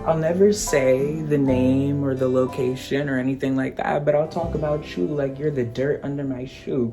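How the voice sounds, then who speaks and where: A woman in her twenties telling a storytime vlog in an animated, sarcastic way, cursing freely. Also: a bass voice. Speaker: vlogger.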